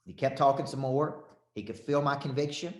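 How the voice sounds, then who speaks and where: A male motivational coach addresses a live audience at a mid-range pitch. His delivery is punchy and repetitive, full of questions thrown at the room. The sound carries a roomy echo. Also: moderate pace. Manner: punchy, repetitive, calls on the crowd.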